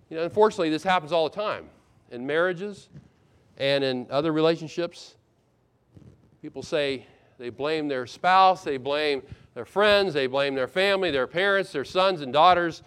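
A middle-aged man preaches from the pulpit in a slightly raised register. He acts out the quoted lines and shifts between forceful emphasis and hushed asides. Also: fairly high pitch, moderate pace. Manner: expressive preaching, acts out quoted lines with sudden loud and soft turns. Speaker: pastor. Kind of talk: sermon.

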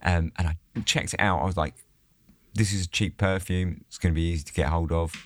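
A man's voice: sits low, steady tone, a little fast, no echo, studio quality. A man co-hosting a casual podcast, rambling, swearing and laughing a lot. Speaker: podcast co-host. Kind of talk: casual chat.

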